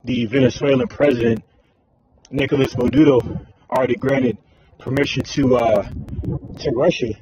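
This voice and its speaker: A man's voice: mid-range voice, fairly even intonation, moderate pace, pauses often, warm tone, husky, rough recording. A man giving informal religious commentary, rambling and packing his talk with fillers like "all right" and "man". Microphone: phone screen recording.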